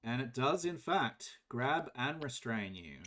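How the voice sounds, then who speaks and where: Male game master, unhurried delivery, methodical rules explanations, livestream table game. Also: medium pitch, very animated, sharp tone. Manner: measured, explains rules step by step. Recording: live stream.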